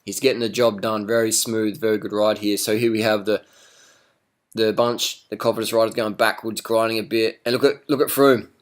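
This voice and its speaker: A man's voice: on the low side, fairly even intonation, moderate pace. A man giving blunt, casual commentary over race footage, swearing and teasing the riders. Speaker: cycling commentator.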